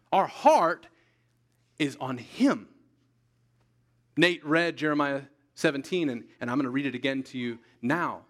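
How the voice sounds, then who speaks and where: Emphatic preacher man with lively pitch. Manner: emphatic, repeats key lines slowly for weight. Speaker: pastor. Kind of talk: sermon. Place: church sanctuary.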